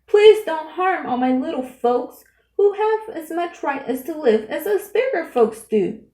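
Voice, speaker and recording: A woman's voice: fairly high pitch, big pitch swings, takes it slowly. A woman voicing a kind, loyal male elephant who talks earnestly and pleads, read in a roomy room. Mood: pleading, urgent. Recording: roomy echo.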